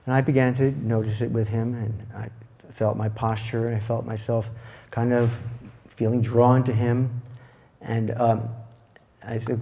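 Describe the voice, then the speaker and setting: A man giving a lecture as a therapist, telling a clinical case in a reflective, halting way with soft restarts. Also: medium pitch, level tone, vocal fry.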